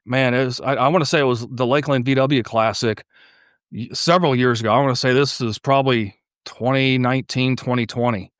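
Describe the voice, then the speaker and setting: A man in casual podcast conversation, telling stories with lots of "you know". He swings his pitch up high whenever he acts out what someone said. The mic is close and dry. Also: brisk, no room sound. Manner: animated storyteller, acts out quotes in a higher voice. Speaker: podcast guest, car YouTuber.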